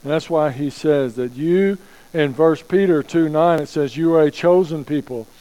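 A man preaching a sermon as pastor, slowing down to stress key phrases and asking rhetorical questions. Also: fairly high pitch, dark tone, rough recording.

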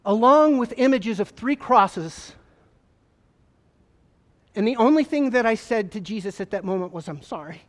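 A man, a former state trooper, gives an emotional personal testimony to an audience, telling it earnestly with halting repeats. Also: high-pitched, animated. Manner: earnest, halting storytelling with repetitions. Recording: long hall reverb.

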